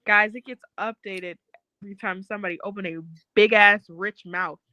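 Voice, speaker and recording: A woman's voice: medium pitch, steady tone, moderate pace, pushed and bright, dry recording, poor audio. A young woman co-hosting a casual chat, blunt, profane and joking. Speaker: podcast co-host.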